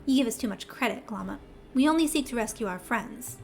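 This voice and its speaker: A woman's voice: fairly high pitch, lively intonation, fairly quick, creaky, soft background music. A woman reading as a formal young scholar. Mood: earnest. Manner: formal, polite. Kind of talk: reading game dialogue aloud.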